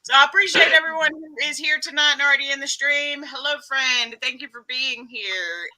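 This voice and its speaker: A woman's voice: high voice, brisk, pushed and bright, slight background noise, rough recording. A woman with a Texan accent, chatting and teasing as the host of a live stream and greeting her viewers. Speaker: livestream host. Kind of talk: casual live-stream chat.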